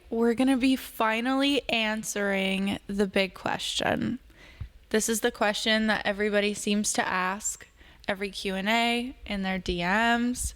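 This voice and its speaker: A woman's voice: medium pitch, fairly bright tone, clean tone. A woman hosting a podcast, telling stories in a chatty way and asking her guests questions. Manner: chatty storyteller, asks questions. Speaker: podcast host. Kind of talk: casual podcast chat.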